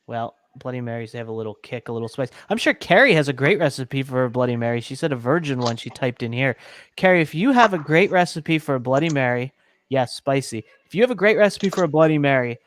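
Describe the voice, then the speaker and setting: A man's voice: mid-range voice, lively intonation, fast, dry recording. A man hosting a casual live-streamed cooking chat, upbeat and talkative, reading out viewers' comments as he goes. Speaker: host.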